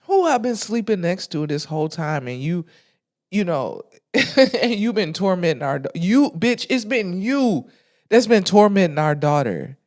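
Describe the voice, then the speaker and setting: Animated, profane woman ranting. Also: lowish voice, measured pace. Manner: animated, profane, laughs often. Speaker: podcast host. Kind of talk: casual ranting commentary.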